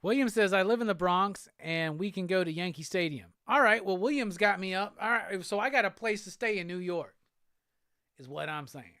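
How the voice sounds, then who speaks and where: A man from the Southern United States hosts a livestream, chatting casually while reading viewer comments. His voice sits high, with a sharp, clean tone at a moderate pace, recorded with clean studio sound and no room sound. He's laid-back, curses freely, and laughs often.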